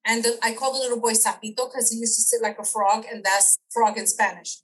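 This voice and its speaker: Woman, middle-aged, podcast guest, casual storytelling, quotes people in character, laughs a lot, slightly high voice. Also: steady tone, quick pace, a bit bright, poor audio. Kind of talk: casual interview chat.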